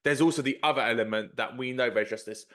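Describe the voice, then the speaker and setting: Guy hosting a podcast, talks quick, long rambly questions. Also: mid-range voice, fairly bright tone. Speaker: podcast host. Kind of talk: interview questions.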